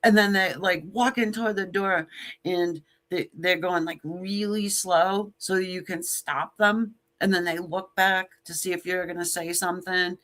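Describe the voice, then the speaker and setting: A woman's voice: on the low side, steady tone, a little slow, fairly bright tone. A woman giving a casual tarot reading to camera, blunt and joking, with sassy asides and casual swearing. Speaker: tarot reader.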